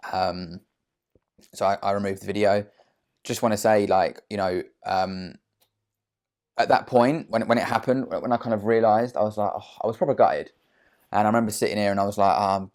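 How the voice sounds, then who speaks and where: A man's voice: fairly low pitch, steady tone, normal speed, darkish tone. A man giving a casual motivational talk to camera from his sofa at home, chatty and blunt, with slang and frequent fillers. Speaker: trader vlogger.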